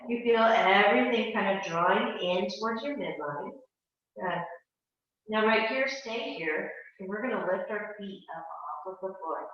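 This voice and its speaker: A woman instructor guides a floor exercise class in a calm, steady voice, pacing her cues to each breath. She sounds far from the microphone in a very echoey room. The recording is somewhat dull. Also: mid-range voice. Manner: calm, slow cueing of breath and movement. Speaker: yoga and Pilates instructor.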